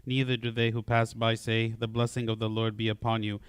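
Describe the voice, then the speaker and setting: A man recites liturgical prayers in a steady, flat monotone with almost no rise and fall. His voice is smooth and clean. The sound is dry and close, with no room around it. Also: on the low side, brisk, dry recording. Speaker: prayer leader.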